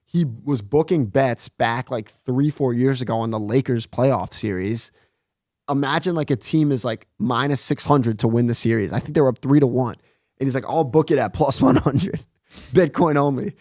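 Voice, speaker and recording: Here a slightly mellow mid-range male voice is heard in clean, dry studio audio. He appears as a guest on a podcast and runs an online show of his own; his casual stories come out fast, with acted-out dialogue and a steady stream of "like".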